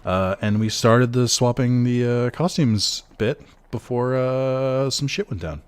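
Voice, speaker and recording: A young man streams a game and chats casually with his viewers, joking, rambling, and using lots of fillers. His voice is medium-pitched and smooth, and he speaks a little slowly.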